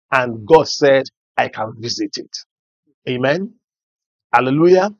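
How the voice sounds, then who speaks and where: A man's voice: medium pitch, no echo, muffled recording. A male pastor, preaching and praying fervently, with prayer refrains and speaking in tongues. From Nigeria.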